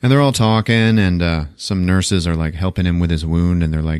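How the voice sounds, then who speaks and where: A man's voice: sits low, steady tone, brisk, few pauses, a little mellow, smooth, no room sound, clean studio sound. A man hosting a podcast, casually recapping a film in loose, profane storytelling and voicing the characters as he goes. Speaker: podcast host.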